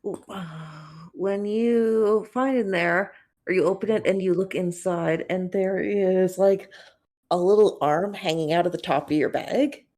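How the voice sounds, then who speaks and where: Relaxed woman describing her play. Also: lowish voice, a little slow. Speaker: player. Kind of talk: casual tabletop play.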